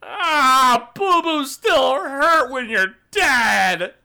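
A dim ghost brute in a tabletop game wails in a high, childish whine, as a man puts him on. The voice swings widely and sounds bright. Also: lively intonation, drawn-out words, gravelly, heavily acted. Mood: whining. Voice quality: wailing, childish.

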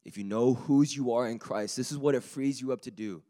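A man preaching a sermon with a slightly raspy voice, talking in a lively, conversational way that builds to emphatic peaks. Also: medium pitch, a little fast.

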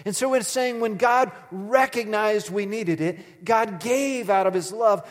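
Man preaching with a lively storytelling manner in a reverberant hall. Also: high voice, a little slow, hardly any pauses. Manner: storytelling preacher, conversational with dramatic emphasis. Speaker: pastor. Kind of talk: sermon.

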